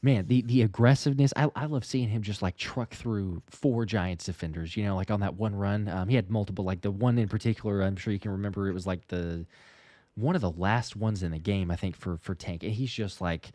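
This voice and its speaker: A man's voice: on the low side, a little fast, warm tone, dry recording, studio quality. Chatty man hosting a live Q&A. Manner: loose and chatty, lots of fillers and restarts. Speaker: podcast host reading live questions. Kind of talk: casual live Q&A chat.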